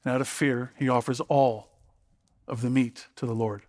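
A man's voice: medium pitch, steady tone, moderate pace, darkish tone. A man preaching an expository sermon in a conversational way, often repeating words and asking his listeners questions. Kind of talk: expository sermon, Bible reading and commentary.

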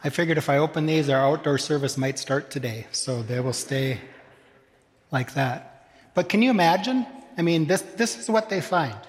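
Slow-preaching man in a reverberant hall. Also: on the high side. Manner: slow, deliberate preaching with dramatic pauses. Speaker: pastor. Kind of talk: sermon.

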